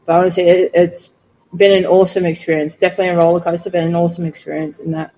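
A woman's voice: fairly low pitch, little pitch movement, very fast, mellow, rough recording. A woman, a rugby player answering interview questions earnestly, with many fillers. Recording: faint background noise.

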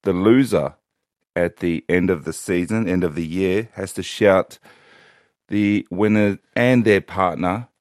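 A man's voice: low-pitched, unhurried, darkish tone, dry recording, clean studio sound. A man co-hosting a sports show, joking and teasing in casual chat.

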